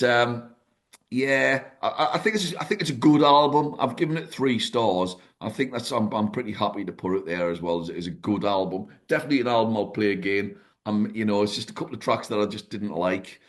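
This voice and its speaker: A man co-hosting a casual music podcast, in a voice pitched a little low. He speaks in a halting way, stopping and restarting with plenty of ums and you-knows as he gives his views. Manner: hesitant, halting with many fillers. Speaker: podcast co-host. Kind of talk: casual music review chat.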